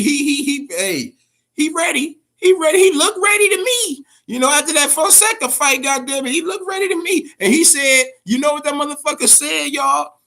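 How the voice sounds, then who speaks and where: Animated, profane man ranting about boxing. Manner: animated, swings from low grumble to loud high-pitched outbursts, stammers. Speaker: boxing podcast host. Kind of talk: profane casual rant.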